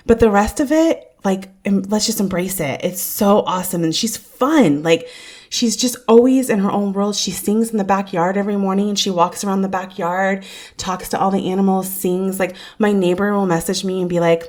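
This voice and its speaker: Woman host, 30s, mid-pitched, chatty storyteller, quick to laugh. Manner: warm storytelling, laughs often. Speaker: podcast host. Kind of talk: casual conversational chat.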